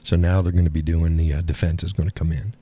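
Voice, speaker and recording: A man's voice: sits low, little pitch movement, quick pace, breathy edge, highs cut off. Laid-back, laughing male stream host. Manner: laughs often, folksy and blunt; swears casually. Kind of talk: casual chat.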